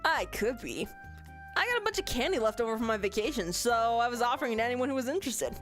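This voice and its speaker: A woman voicing a friendly young male classmate, speaking quickly and casually. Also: on the high side, sing-song, fairly bright tone, soft background music. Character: easygoing young male classmate offering candy.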